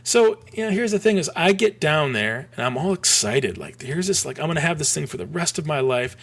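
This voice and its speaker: A man in his forties from Michigan, telling a rambling story as a podcast guest, full of restarts and animated asides. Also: on the high side, brisk, slightly rough. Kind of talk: casual storytelling.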